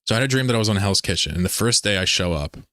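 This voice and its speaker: A man's voice: lowish voice, lively intonation, rapid-fire, pushed and bright, no echo, clean studio sound. A man hosting a casual livestream, rambling, laughing often and reading chat messages aloud. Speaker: livestream host.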